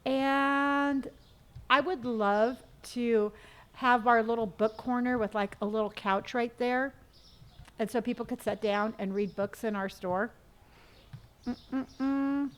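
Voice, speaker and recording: A woman's voice: a little high, fairly even intonation, measured pace, clear, resonant tone. A woman hosting a live gaming stream in casual chat, effusively thanking viewers one by one with a playful, sing-song manner.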